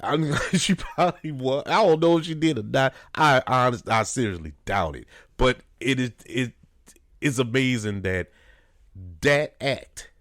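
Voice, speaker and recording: In a dry, echo-free studio, an earnest radio host from New Orleans speaks unhurriedly with medium pitch, lively intonation, and a fairly bright tone. He delivers casual, conversational commentary with lots of fillers.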